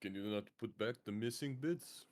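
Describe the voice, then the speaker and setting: A man's voice: lowish voice, moderate pace, a crowd in the background. A man playing a tabletop game, speaking tersely and dryly. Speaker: player. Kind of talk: casual tabletop play.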